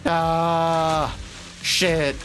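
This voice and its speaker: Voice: medium pitch, flat delivery, extremely slow, a bit bright. A game streamer giving casual, laid-back commentary, cursing and laughing while reading along. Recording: game audio with faint music behind.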